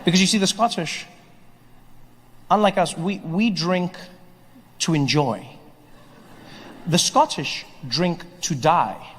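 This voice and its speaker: Animated male stand-up comedian. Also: high-pitched, slow, long pauses, a little hiss or hum. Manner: animated, acts out voices, builds to shouts. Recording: live stage with long reverb.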